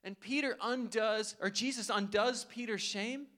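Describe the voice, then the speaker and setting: High-voiced man preaching a sermon. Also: measured pace, bright, forceful tone. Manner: earnest, conversational preaching with rhetorical questions. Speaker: pastor.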